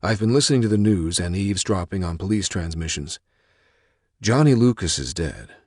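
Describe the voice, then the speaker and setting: A man's voice: sits low, lively intonation, normal speed, darkish tone, breathy edge, no echo, clean studio sound, voice pushed up. A man voicing an anxious, protective father who pleads and defends himself. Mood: defensive.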